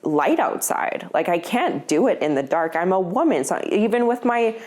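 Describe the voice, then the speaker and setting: A woman's voice: lowish voice, lively intonation, normal speed, a little mellow. A woman co-hosting a casual podcast from home, telling stories in a chatty way and laughing often. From Alberta, Canada. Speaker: podcast co-host. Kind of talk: casual chat. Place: at home, indoors.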